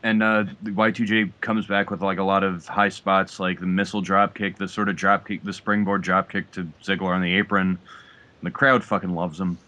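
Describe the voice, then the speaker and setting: A man's voice: deep voice, brisk. A man on a podcast walking through a wrestling match move by move in a casual recap. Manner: listing moves in a steady recap. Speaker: podcast co-host.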